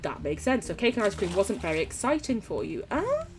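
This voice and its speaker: A woman's voice: medium pitch, wildly swooping pitch, a little fast, a little hiss or hum. A young British woman streaming a game, chatting casually with her viewers while playing. She swears freely and laughs often. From United Kingdom. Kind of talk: casual chat while gaming and reading chat.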